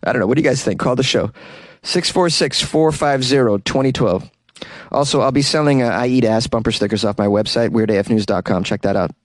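A man's voice: mid-range voice, fairly quick, dry recording. A man hosting his own comedy podcast, talking solo in a wry, rambling way and laughing at his own jokes, recorded in a small closet. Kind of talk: casual solo podcast monologue.

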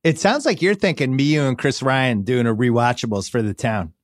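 Podcast host man, mid-pitched and dry. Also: a little fast, no echo. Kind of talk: casual sports podcast chat.

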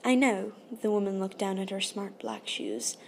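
A woman narrating an audiobook in a soft, hushed, often half-whispered delivery. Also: mid-range voice, very animated, normal speed, a little hiss or hum. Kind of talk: scripted narration.

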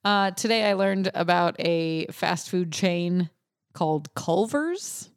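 A woman's voice: on the low side, animated, takes it slowly, clean tone, dry recording. A woman co-hosting a podcast, chatting casually and laying out segments in a dry, matter-of-fact way. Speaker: podcast co-host. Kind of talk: casual chat, reading a news segment.

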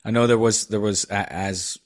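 A Dutch-accented man co-hosting a podcast, his voice sitting fairly low. He talks casually and loosely, with plenty of fillers and self-corrections as he works out what he wants to say. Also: steady tone. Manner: halting, many fillers and restarts while searching for words. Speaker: podcast co-host. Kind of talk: casual chat.

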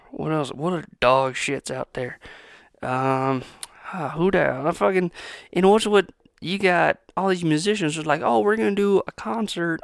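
A man's voice: sits high, gravelly, no room sound, studio quality. A man in his twenties ranting on his own podcast, rambling, sarcastic and full of profanity. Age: 20s. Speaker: podcast host. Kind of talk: profane solo podcast rant.

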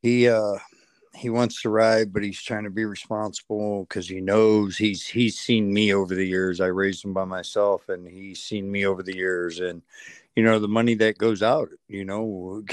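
A man's voice: fairly low pitch, level tone, moderate pace, dry recording. A middle-aged man, a guest in a casual chat, speaking in an easygoing way and chuckling as he relates to the other speaker.

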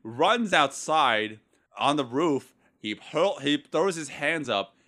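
On a casual podcast, a male co-host tears into a movie with sarcastic, profane jabs and lots of laughter. His voice is fairly high and sharp-toned, animated yet unhurried.

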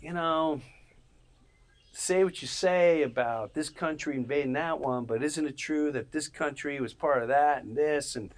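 A podcast host tells stories in a casual, animated monologue, going a little slowly. He laughs mid-story, jumps between loud bursts and quiet asides, and imitates other people's voices.

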